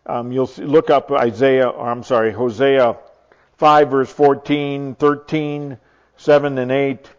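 A man teaching from the Bible in a sermon, earnest and searching, often restarting his sentences and dropping to a hush on tender points. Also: medium pitch, little pitch movement, unhurried. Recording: dull lo-fi recording.

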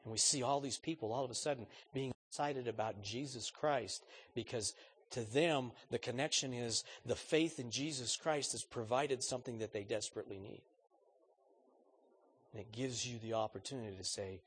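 A man's voice: medium pitch, normal speed, slight background noise. A man preaching a sermon in an earnest, conversational way, putting questions straight to his congregation.

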